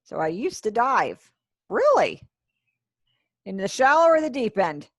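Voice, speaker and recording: Very animated and fairly high-pitched, a woman teaches sign language over video at a normal speed, the recording dry and studio quality. She's chatty and encouraging, complimenting students and tossing off asides to herself.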